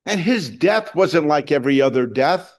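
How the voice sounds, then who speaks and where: A middle-aged man delivers a sermon in a fairly high voice. He talks to the congregation in a plain, conversational way, stumbling and restarting now and then, and pushes up to loud emphatic lines to drive his points home. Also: expressive, moderate pace. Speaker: pastor.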